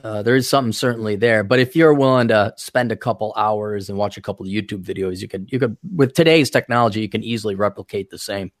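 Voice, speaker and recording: A man's voice: lowish voice, quick pace, hardly any pauses, no room sound, studio quality. A man hosting a casual podcast chat, talking in a rambling, self-deprecating way with lots of restarts. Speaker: podcast host. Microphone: desktop studio-style USB mic.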